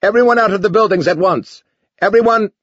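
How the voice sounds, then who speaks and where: A man voicing a shrill robot announcer barking loud, urgent orders in a dull lo-fi recording. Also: fairly quick, no room sound. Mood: alarmed.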